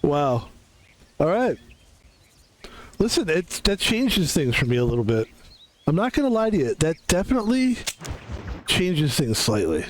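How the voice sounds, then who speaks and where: A young man streaming a video game, chatting casually in an excitable, rambling way and laughing often. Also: on the high side, a little slow, long pauses, poor audio. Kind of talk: casual live-stream chat.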